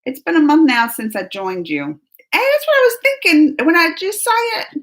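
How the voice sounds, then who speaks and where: Woman, live-chat host at home; high, bright, chipper and talkative. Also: big pitch swings, normal speed. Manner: chipper and chatty, reads viewer names aloud. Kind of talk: casual live-stream chat. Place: at home, just out of bed.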